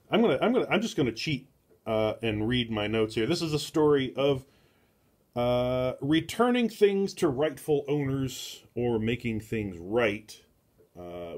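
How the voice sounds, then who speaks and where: A man's voice: medium pitch, darkish tone. A middle-aged man hosting a casual book club, reviewing comics in a rambling way full of filler words and restarts. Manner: slow and deliberate.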